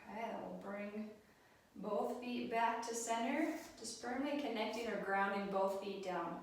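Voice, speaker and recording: A woman leading a yoga class, speaking gently and encouragingly with frequent ums. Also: fairly high pitch, unhurried, slight background noise. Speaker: yoga instructor. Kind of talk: guided yoga class instruction. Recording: roomy echo, mic set at a distance.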